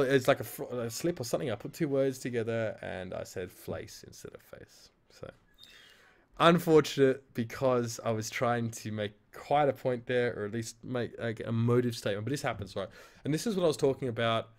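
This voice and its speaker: Lässiger australischer Mann, flucht gern. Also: male voice, mid-range voice. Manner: frank, swears freely, self-deprecating. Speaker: esports caster. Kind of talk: casual stream review of his own casting.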